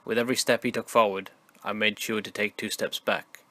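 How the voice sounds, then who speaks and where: A man reading out a scary first-person story in steady, grim scripted narration. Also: on the low side, fairly quick, dry recording.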